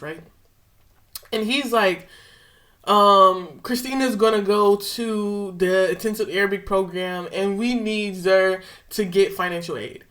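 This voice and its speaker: A woman's voice: mid-range voice, a bit bright. A young woman vlogger casually retelling a personal story with slang and emotion.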